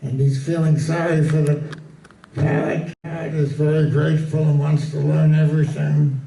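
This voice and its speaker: Male comedian, slow gravelly delivery, distant roomy pickup. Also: on the high side, flat delivery, mellow. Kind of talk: telling jokes. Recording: echoey room, distant mic.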